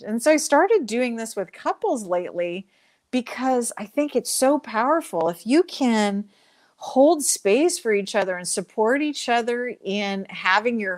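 A woman speaking as an interview guest, talking animatedly and acting out inner voices as she explains. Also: on the high side. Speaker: guest speaker on joy and emotions. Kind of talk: conversational interview.

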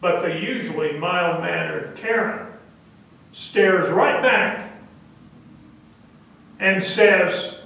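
A male pastor telling a story in a sermon, deliberate and halting now and then, recorded from a distance in a church. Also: high-pitched, fairly even intonation, creaky, sharp tone, very echoey. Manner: deliberate, with hesitant fillers. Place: church sanctuary.

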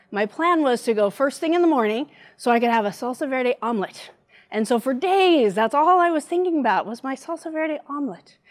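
Middle-aged lady sharing a church devotional, kinda high voice, animated storyteller, close mic. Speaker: church speaker. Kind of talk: devotional talk.

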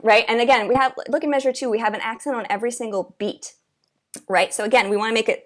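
Woman oboe teacher, mid pitch, chatty, sings rhythms between tips. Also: quick pace. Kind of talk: instrument masterclass explanation. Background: oboe playing.

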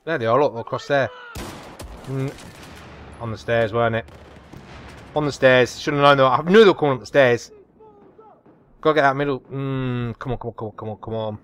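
A man giving chatty, excitable live commentary over a shooter game as a gaming channel host. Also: mid-range voice, brisk, long pauses, clean tone. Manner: chatty, excitable, repeats come on and whoa. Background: faint game gunfire.

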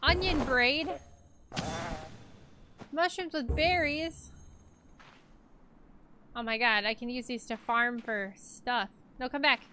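A woman's voice: a little high, slow pace, pauses often, pushed and bright. A woman streaming a game live, chatting casually to herself and her chat as she plays, into a desk microphone at home. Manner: chatty, talks to herself and chat while playing. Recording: clicky background noise.

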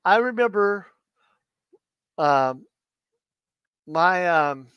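A man hosting a casual livestream, chatting in a rambling, halting way with many restarts, who says Washington with an R in it. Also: high voice, expressive, clean tone, no room sound, lo-fi sound. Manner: puts an R in Washington. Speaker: livestream host.

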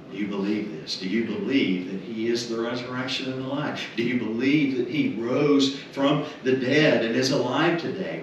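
A man officiating a memorial service, preaching a funeral sermon in an earnest way and repeating rhetorical questions. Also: medium pitch. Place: funeral home chapel. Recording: echoey chapel, mic far off, room noise.

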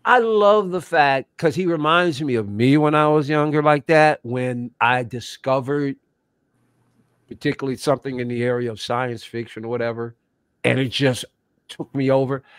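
A man's voice: medium pitch, moderate pace, clear, resonant tone, no room sound, studio quality. A man co-hosting a casual livestream chat, telling stories with enthusiasm. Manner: animated, enthusiastic storyteller.

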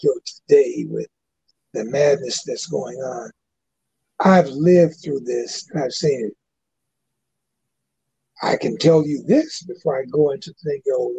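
Gravelly older man telling a story. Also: medium pitch, dark tone, no echo. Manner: halting, frequent "you know". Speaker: guest. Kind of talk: personal storytelling. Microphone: webcast mic. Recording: dull lo-fi webcast audio.

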